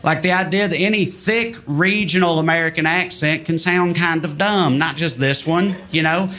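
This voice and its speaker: A man's voice: on the high side, normal speed, sharp tone. A man with a Southern US accent doing self-deprecating stand-up and trying on regional voices. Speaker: stand-up comedian. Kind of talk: stand-up observational comedy.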